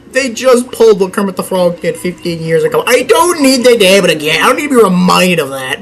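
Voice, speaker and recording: A man's voice: high voice, very animated, fairly quick, a little hiss or hum, rough recording. A young man chatting through a video game let's play, rambling and joking with himself and the game as he goes. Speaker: gaming channel host.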